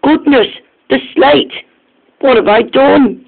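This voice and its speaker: A man voicing an eager, jealous young male train engine in a storybook reading, speaking haltingly and restarting his lines, on a tinny, phone-like recording. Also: sits high, steady tone, slight background noise. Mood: upset.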